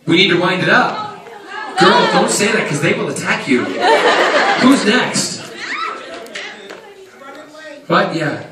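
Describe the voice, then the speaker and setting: A man's voice: high-pitched, slow, pauses often. A man answering fan questions as a convention panel guest, telling camp comic stories with lots of laughter. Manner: animated, laughing, camp storyteller. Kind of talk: comic storytelling to a crowd. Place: large convention hall. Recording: echoey hall from far off, loud crowd and noise.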